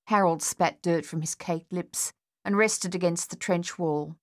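A woman tells a story for an audiobook, following a script. Her delivery is steady and measured, and her voice is lowish.

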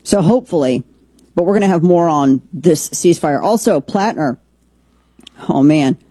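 A woman's voice: low-pitched, lively intonation, moderate pace, dark tone, husky, no echo. A woman hosting a political commentary show, opinionated and rambling, with frequent restarts. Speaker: podcast host.

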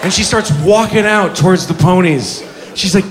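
Lively high-voiced man doing stand-up. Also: normal speed, few pauses, big-room sound, a crowd in the background, noisy background. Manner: animated storytelling, swearing, acting out voices. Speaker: stand-up comedian. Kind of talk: stand-up comedy routine. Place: comedy club stage. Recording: live club with laughing audience.

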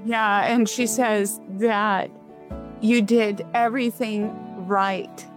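A woman hosting a call-in radio show as a psychic medium, giving gentle, reassuring readings to callers. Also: medium pitch, takes it slowly, music in the background. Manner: warm reassuring, relays messages in a gentle steady flow.

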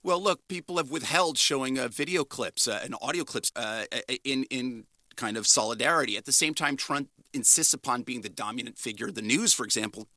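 Male correspondent, quick and conversational; bright, raspy edge, dry sound. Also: medium pitch, no echo. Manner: brisk, conversational. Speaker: media correspondent. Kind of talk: radio news interview.

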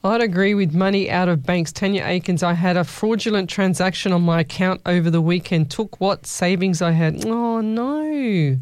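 A woman's voice: on the low side, normal speed, hardly any pauses, darkish tone, no room sound. Chatty woman radio host. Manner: chatty, playful, calls listeners lovey. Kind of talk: casual chat reading listener messages.

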